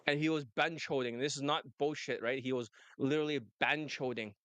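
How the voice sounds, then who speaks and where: A man's voice: medium pitch, steady tone, brisk, a bit bright, clear, resonant tone, no room sound. A man coaching on dating, talking brashly and laughing often in casual chat. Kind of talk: casual monologue and phone call.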